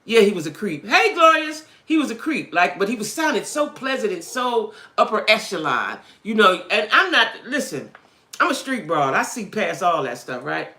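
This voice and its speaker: A woman's voice: medium pitch, very animated, moderate pace, bright, forceful tone, echoey room. A woman hosting a live chat with her viewers about dating, blunt and streetwise, who keeps checking in with "right?" and "you know what I'm saying?". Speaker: livestream host chatting with viewers.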